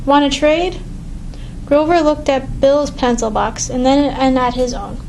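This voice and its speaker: Storybook reader: woman, high voice, clear and measured, faint hiss behind. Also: a little mellow, poor audio. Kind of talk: reading a picture book aloud.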